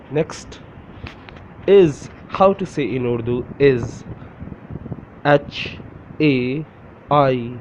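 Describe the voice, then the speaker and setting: A man's voice: mid-range voice, animated, drawn-out words, long pauses, a little mellow. A man teaching a pronunciation lesson step by step, spelling words letter by letter and repeating them for the listener. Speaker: language teacher. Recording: dull lo-fi recording with faint noise.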